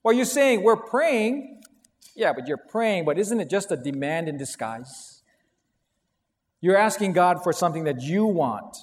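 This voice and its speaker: A man's voice: fairly high pitch, animated, normal speed. A middle-aged man preaching a sermon as a pastor, telling stories with animation and acting out quotes. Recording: long hall reverb.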